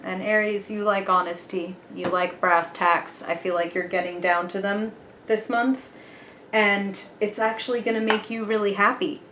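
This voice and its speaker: Woman, tarot reader, casual chatty reading, earnest, swears casually, middle pitch, echoey room. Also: fairly even intonation, moderate pace, fairly bright tone, a little hiss or hum.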